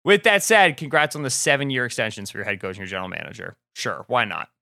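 Podcast co-host, man, rapid and wry, very bright forceful tone, dry studio sound. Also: lowish voice, lively intonation, vocal fry, no room sound. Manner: rapid, wry, mock-emphatic opinions. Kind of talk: casual sports chat.

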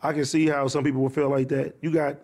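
High-voiced, blunt man. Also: flat delivery, quick pace, darkish tone. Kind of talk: casual group chat.

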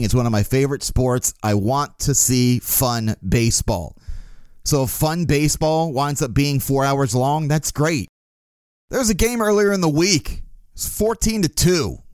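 A man's voice: mid-range voice, darkish tone, dry recording, clean studio sound. A man hosting a casual sports podcast, opinionated and profane, who gets worked up as he talks. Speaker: podcast host.

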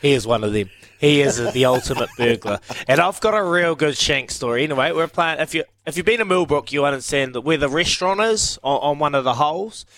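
A male radio host chats casually in the studio, speaking straight to listeners as he tells golf stories and frequently restarts his sentences. His voice is on the high side and a bit bright, with lively intonation and a slightly fast pace.

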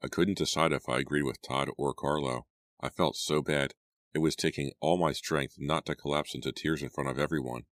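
A man reading an audiobook aloud in a measured, even way. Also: rumbling low, no echo. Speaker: audiobook reader. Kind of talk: audiobook narration. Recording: dry close recording.

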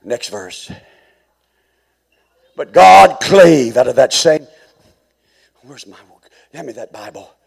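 A man preaching with a gravelly, husky edge to his voice. His pitch sits high, and he swings between quiet, low stretches and shouted, soaring calls to the congregation. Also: lively intonation, takes it slowly, pauses often. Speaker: pastor. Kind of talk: sermon.

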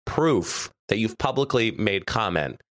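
A man's voice: fairly low pitch, animated, measured pace, a bit bright, no echo. A man co-hosting a podcast in casual chat, a little stuffy, chatty and laughing often. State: stuffy nose. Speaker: podcast co-host.

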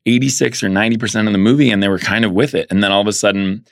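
Low-voiced guy telling stories in an interview, does the voices, super dry mic. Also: racing, creaky, no echo. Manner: animated storyteller, acts out quoted voices. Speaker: guest filmmaker. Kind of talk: casual interview storytelling.

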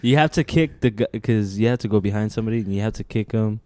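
Young dude, lowish voice, dry close mic, chill slangy podcast banter full of cussing. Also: male voice, fast, a little mellow, no echo. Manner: laid-back, heavy slang and swearing. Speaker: podcast co-host. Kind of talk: casual chat.

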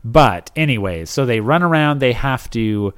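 Animated, joking male podcast co-host. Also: medium pitch, normal speed, clean tone. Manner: joking, laughs often. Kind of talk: casual chat recapping a TV episode.

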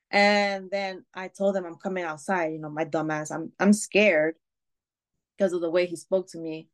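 In a lowish voice at a moderate pace, a woman on a podcast candidly recounts something personal. It's casual storytelling, full of swearing, fillers, and restarts.

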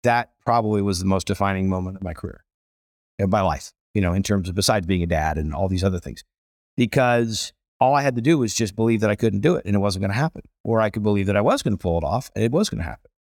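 A middle-aged man tells stories in an interview, swinging his pitch up and down with big expressive energy. He jumps into voices for the people in his anecdotes. The sound is close and dry, with no room around it. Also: quick pace, no echo. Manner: animated, acts out voices in stories. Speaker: chef and restaurateur guest. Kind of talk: storytelling interview.

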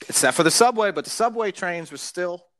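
Lively, joking man with a bouncy pitch. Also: brisk. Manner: joking, lively, swings between loud and mumbled. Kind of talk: casual profane chat.

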